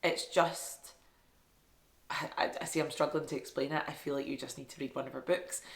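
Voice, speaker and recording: A woman's voice: sits low, fairly even intonation, a little fast, vocal fry. A woman chatting casually about books she loved, enthusiastic and self-deprecating. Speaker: book reviewer. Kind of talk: casual book review vlog. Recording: echoey room.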